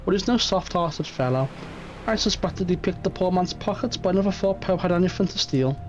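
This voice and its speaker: A man's voice: high voice, lively intonation, a little fast, pitched above the performer's own voice. A man voicing a seasoned old sailor in a game reading, telling his tale matter-of-factly. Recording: muffled stream audio, faint music.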